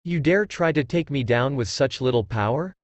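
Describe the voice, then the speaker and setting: A man's voice: medium pitch, animated, normal speed, no room sound, muffled recording, lightly acted. A man voicing an arrogant, all-powerful male demon lord who talks scornfully and boastfully.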